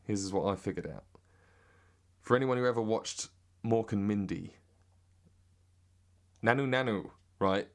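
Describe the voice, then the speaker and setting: An English man in a rambling, sweary deadpan comic monologue. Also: fairly low pitch, moderate pace. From Britain. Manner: rambling and sweary, drifting into mock accents. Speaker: comedic monologue host.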